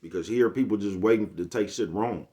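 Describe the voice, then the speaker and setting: A man's voice: lowish voice, a little fast, dark tone. A man talking casually to his viewers in a slangy, laid-back rant, often checking in with "you get what I'm saying". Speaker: channel host. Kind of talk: casual vlog monologue.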